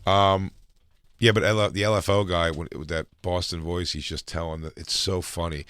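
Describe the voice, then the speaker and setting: A man with a lowish voice rambles through crude jokes in relaxed podcast banter. His speech is full of fillers and side remarks. His voice sounds dry and close to the mic. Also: normal speed, smooth, no echo. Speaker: podcast co-host. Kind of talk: casual banter.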